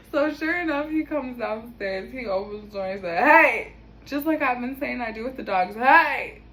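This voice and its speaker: A woman's voice: a little high, animated, fairly quick, few pauses, rough recording. A young woman telling a casual story at home, chatty, laughing often and swearing casually. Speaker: vlogger. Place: home kitchen.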